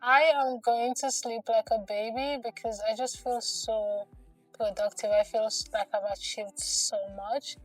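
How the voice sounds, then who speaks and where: A woman's voice: a little high, fairly even intonation, measured pace, distant mic, faint music behind, poor audio. A young woman vlogging while she crochets in her home studio, chatty and tired, often saying "like" and "guys". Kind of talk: casual vlog talk while crocheting.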